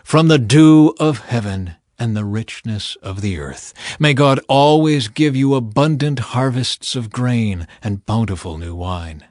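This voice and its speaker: A man voicing an old blind father who speaks blessings slowly and gravely in a Bible reading. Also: mid-range voice, animated, a little mellow, dry recording, clean studio sound, natural voice. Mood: solemn. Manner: slow, solemn, pronouncing blessings.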